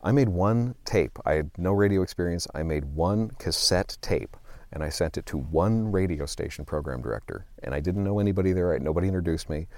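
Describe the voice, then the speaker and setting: A man in his sixties with a deep, darkish voice talks fairly quickly on a dry recording. As an interview guest, he tells rambling, self-deprecating stories about his career in a conversational style, full of fillers and false starts.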